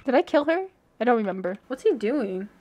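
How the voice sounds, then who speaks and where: Young woman gaming streamer, casual and excitable, high voice, very lively pitch, prone to shrieks. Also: brisk, muffled recording, slight background noise. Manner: excitable, squeals and shrieks, giggly. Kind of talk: casual gaming livestream commentary.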